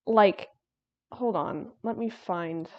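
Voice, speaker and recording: A woman's voice: mid-range voice, takes it slowly, no room sound, highs cut off. A woman streaming while she draws, chatting casually in a rambling way, laughing and restarting her sentences. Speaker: artist streamer.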